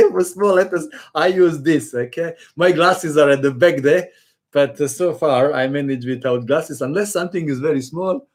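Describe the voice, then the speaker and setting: A man's voice: a little high, moderate pace. A man, a chess channel host chatting casually in a live-stream question and answer session, hesitant with many fillers.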